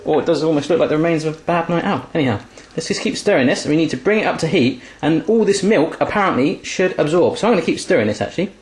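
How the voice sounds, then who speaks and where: An English man with an English accent, chatting and joking with viewers during a casual cooking demonstration in his home kitchen. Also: a little high. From England. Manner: chatty, jokey, talks to viewers while cooking. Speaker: cooking vlogger. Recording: echoey kitchen with frying noise. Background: sizzling frying pan.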